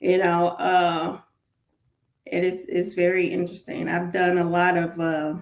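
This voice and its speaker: A woman with a Southern US accent, chatting as an interview guest, animated and laughing, rambling with fillers. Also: fairly low pitch, unhurried, gravelly. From Southern United States. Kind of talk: casual chat. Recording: roomy echo.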